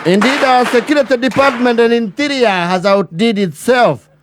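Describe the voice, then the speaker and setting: Man, high voice, pompous mock address, bureaucratic wording, deliberate pauses. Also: heavy background noise. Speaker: mock chairman giving an address. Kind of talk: mock formal speech.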